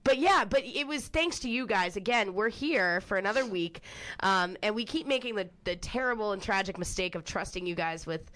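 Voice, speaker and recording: A woman co-hosts a podcast in loose, casual chat at a mid-range pitch. She is sarcastic and swears freely. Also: expressive, brisk, fairly bright tone. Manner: sarcastic and profane. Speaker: podcast co-host.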